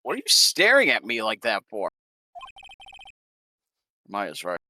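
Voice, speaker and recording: A man reading aloud as an earnest young male defense lawyer in a visual novel game, in a lively plain delivery. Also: on the low side, unhurried, slight background noise, heavily acted. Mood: serious.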